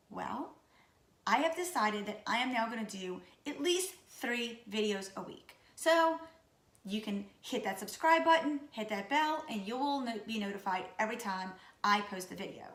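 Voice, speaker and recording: A woman in her late thirties from Louisiana, with a Louisiana accent, who sounds raspy and sick, chatting casually and goofily to camera about herself. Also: fairly high pitch, fairly bright tone, roomy sound. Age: 30s. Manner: goofy, chatty. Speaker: vlogger. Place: room at home.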